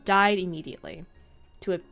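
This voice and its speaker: A woman's voice: fairly low pitch, a little fast, creaky, a bit bright, soft background music. A woman hosting a casual let's-play, rambling and swearing in frustration as she plays. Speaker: gaming channel host.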